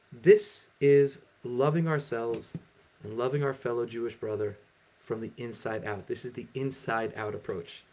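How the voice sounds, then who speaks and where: A man giving an animated Torah lecture and telling stories emphatically at an online festival. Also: mid-range voice. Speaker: Torah teacher.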